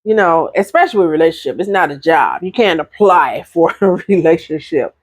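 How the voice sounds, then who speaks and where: A middle-aged woman talks straight to her viewers in a casual vlog, chatty and animated, her pitch swooping up and down as she makes her points. The sound is dry and close, with no room around her. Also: fairly quick, dry recording. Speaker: vlogger giving relationship advice. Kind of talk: casual talk to camera.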